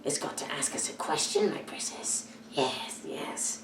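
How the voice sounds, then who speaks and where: A young woman voicing a greedy, sly cave creature with a hissing, breathy half-whisper that jumps to high shrieks. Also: lively intonation, unhurried. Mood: wheedling. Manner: wheedling, with sudden high shrieks. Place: church hall. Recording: echoey room, far from the mic.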